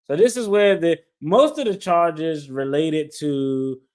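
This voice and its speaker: A man's voice: a little high, slow, darkish tone, clear, resonant tone. A man working as an attorney commentator, reading court documents aloud and breaking off into blunt, profane, incredulous asides.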